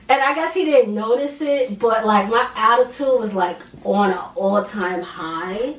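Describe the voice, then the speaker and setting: Young female vlogger, high pitch, animated slangy storytelling, roomy and slightly distant sound. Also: measured pace. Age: young adult. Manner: animated, slangy, laughs while telling. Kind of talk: casual storytime.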